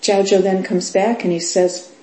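A middle-aged woman teaching as a Zen teacher in a dharma talk, unhurried, with many fillers and laughs. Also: medium pitch, level tone, mellow. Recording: roomy echo.

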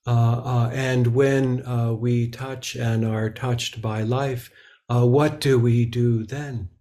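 A man giving a Zen dharma talk, slow and halting, with many filler sounds between phrases. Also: mid-range voice, little pitch movement, dark tone. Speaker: Zen teacher.

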